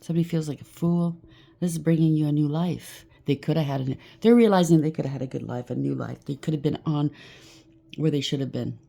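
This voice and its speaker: A tarot reader gives a rambling, chatty collective reading, preaching and thinking aloud with frequent asides. Her deep voice is creaky and warm, with a steady tone and a fast pace.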